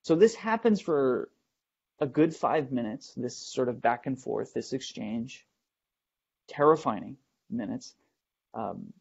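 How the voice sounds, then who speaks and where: A man hosting a show, telling a first-person ghost story in a halting way, with many fillers and restarts as he builds suspense, in a dull lo-fi recording. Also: medium pitch, expressive, creaky, breathy edge. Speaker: host.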